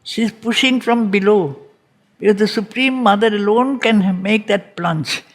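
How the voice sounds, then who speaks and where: A woman with a mid-range voice and measured pace teaches a reading group, delivering a slow spiritual lecture on a poem and repeating phrases for emphasis.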